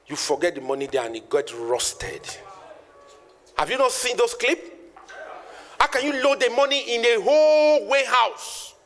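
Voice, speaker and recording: Nigerian motivational trainer, man in his thirties; lively, swooping delivery that repeats lines for effect, in a reverberant hall. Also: fairly high pitch. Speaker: network marketing trainer. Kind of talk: motivational speech to an audience.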